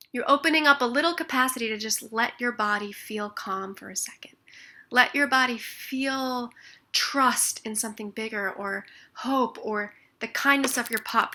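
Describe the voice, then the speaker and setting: Woman, bright tone, expressive wellness teacher, slips into soft near-whispers. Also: fairly high pitch. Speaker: tapping practitioner. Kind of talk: instructional explanation with demonstrations.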